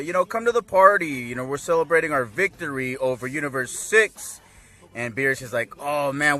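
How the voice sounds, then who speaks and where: A man giving a casual, rambling recap of an anime episode, laughing often and acting out characters' lines in excited voices. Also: medium pitch. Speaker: anime reviewer.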